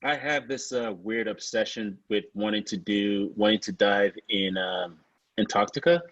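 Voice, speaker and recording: Man, Nigerian accent, podcast host, friendly, husky, muffled lo-fi sound. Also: on the low side, moderate pace, no echo. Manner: relaxed, friendly, asks questions. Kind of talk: casual podcast interview.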